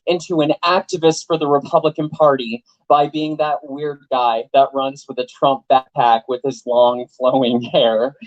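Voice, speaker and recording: A young man giving an animated, joking rally speech to a live audience, full of rhetorical questions. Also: fairly high pitch, dull audio. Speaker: political activist speaker. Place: event venue with live audience.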